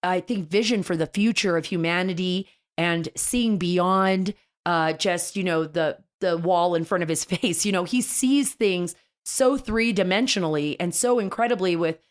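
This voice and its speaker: A woman's voice: lowish voice, normal speed. A woman hosting a political talk show, speaking in an enthusiastic, chatty way with frequent restarts. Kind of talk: casual political radio commentary.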